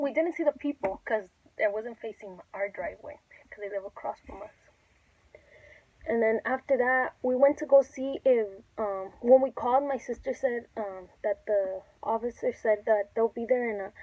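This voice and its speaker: A woman's voice: fairly high pitch, no room sound, dull audio. A young woman telling a casual, chatty storytime, swearing freely as she recounts events. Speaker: YouTuber.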